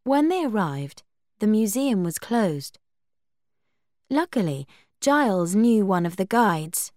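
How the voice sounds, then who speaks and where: Female storybook reader, slow and animated, dry close sound. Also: no echo. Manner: slow, lively reading; higher pitch for quoted speech. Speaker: narrator. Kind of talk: storybook reading with character voices.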